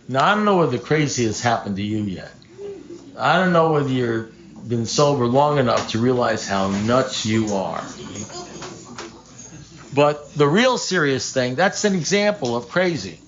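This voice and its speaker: An older man speaking at a recovery meeting, telling a story in an animated way, acting out phone calls, swearing and laughing at his own punchlines. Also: mid-range voice, moderate pace, muffled recording, crowd noise. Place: meeting room.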